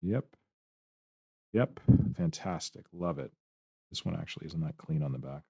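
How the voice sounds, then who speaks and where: A man's voice: low voice, big pitch swings, normal speed, vocal fry, darkish tone, slightly rough, no echo, clean studio sound. A man streaming his hobby sculpting, talking to himself in short, casual remarks as he works. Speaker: miniature terrain sculptor streaming his work. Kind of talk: casual running commentary while working.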